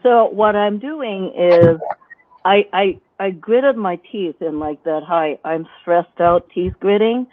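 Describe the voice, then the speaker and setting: In this instructional live-stream chat, the guest instructor speaks slowly in a mid-range voice. She shows what she means by demonstrating with her own voice, and the recording is dry and phone-like.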